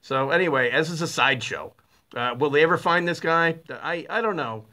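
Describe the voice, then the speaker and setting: A middle-aged man hosts a talk radio show. His voice sits a bit high for a man and sounds bright and forceful. He talks in a blunt, sarcastic monologue, animated, with lots of uh's and restarts. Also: normal speed.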